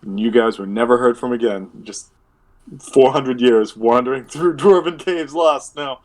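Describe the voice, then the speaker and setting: A man's voice: mid-range voice, normal speed, a little mellow. Rambling male game master. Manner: rambling, filler-heavy, self-correcting. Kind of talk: narrating a tabletop game.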